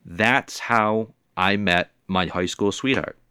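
A man's voice: fairly low pitch, slow pace, sharp tone, clean tone, no echo, studio quality. A man in his forties casually telling a personal story, rambling and swearing freely.

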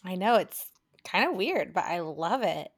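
A woman co-hosting a podcast, talking in loose, rambling chat. Her voice has a slight rasp and grit to it, and she laughs often between thoughts. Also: fairly low pitch, lively intonation, a little slow. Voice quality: slightly raspy, gritty tone right now. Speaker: podcast co-host. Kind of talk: casual chat.

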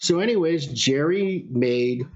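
A man telling a story in casual chat, animated, with some swearing. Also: a little high, slow pace. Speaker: podcast guest. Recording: lo-fi sound.

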